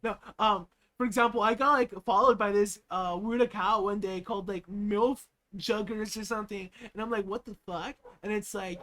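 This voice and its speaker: A man's voice: sits high, fairly even intonation, moderate pace, bright, forceful tone. A young American man chatting on a live stream, giggling often and rambling with plenty of fillers. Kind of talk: casual live-stream reaction chat.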